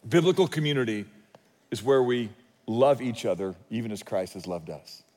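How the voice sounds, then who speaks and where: A man's voice: lowish voice, moderate pace, mellow. A man preaching a sermon in a conversational, storytelling way, often restarting his sentences. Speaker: pastor. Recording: long reverb of a large hall.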